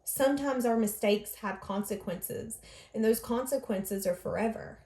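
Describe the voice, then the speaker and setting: A woman's voice: fairly high pitch, normal speed, warm tone, echoey room, a little hiss or hum. A woman giving an earnest, emotional tarot reading, voicing other people's thoughts in the first person. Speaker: tarot reader.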